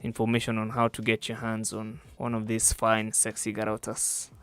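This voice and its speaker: A man's voice: fairly low pitch, monotone, normal speed, fairly bright tone, clean tone. A young man with a Kenyan accent hosting a casual podcast, joking and laughing often. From East Africa. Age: young adult. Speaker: podcast host.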